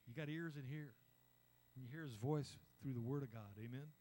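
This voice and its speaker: A man's voice: medium pitch, a little fast, mellow. An older man preaching a conversational sermon, acting out little voices and asking the congregation "amen?". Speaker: pastor.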